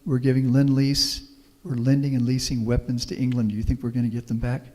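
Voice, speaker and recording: A man's voice: medium pitch, little pitch movement, brisk, a little mellow. A middle-aged man from Houston, Texas, giving a folksy, anecdotal public talk as a professor and answering audience questions. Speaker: guest speaker, professor. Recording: long reverb of a meeting hall.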